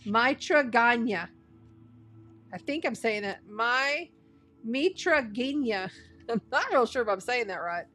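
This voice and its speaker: A woman reading tarot cards in a casual, chatty way, getting excited and thinking out loud as she talks. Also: a little high, normal speed, soft background music. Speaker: astrology and tarot reader.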